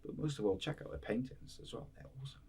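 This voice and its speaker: A man hosting a podcast interview, relaxed and meandering with many "um"s. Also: mid-range voice, quick pace, creaky, slightly rough. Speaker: podcast host. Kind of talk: casual interview chat.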